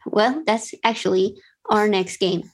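A woman hosting a comedy podcast game show, chatting with callers in a playful, quick, giggly way. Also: medium pitch. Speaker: podcast host. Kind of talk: casual comedic chat.

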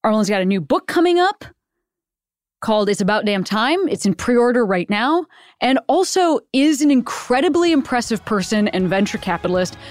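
A woman's voice: on the high side, no room sound, clean studio sound. Playful podcast host woman. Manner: playful, mock-yelling, quick asides. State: unwell and sweaty from a stomach bug. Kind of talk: casual chat.

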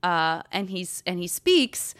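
A woman's voice: on the low side, very animated, takes it slowly, a bit bright, no room sound. A woman hosting a podcast in casual conversation, chatty and eager, often chiming in to agree. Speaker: podcast host.

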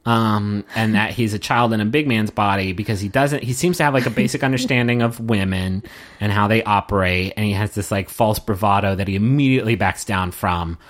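A man's voice: fairly low pitch, fairly quick. A man co-hosting a podcast in casual chat, joking and mocking himself. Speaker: podcast co-host.

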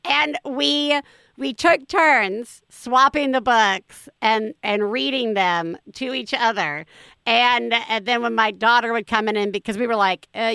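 A woman's voice: on the high side, unhurried, vocal fry, bright, forceful tone, clear, resonant tone, dry recording, studio quality. A woman in her forties hosting a casual podcast chat, enthusiastic and laughing often. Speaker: podcast host.

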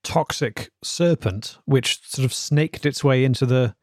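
A man's voice: medium pitch, unhurried, no echo, studio quality, close to an everyday voice. A man playing a hesitant, polite interviewer in a scripted comedy podcast, probing with careful questions. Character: earnest male radio-style interviewer. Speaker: interviewer, presenter.

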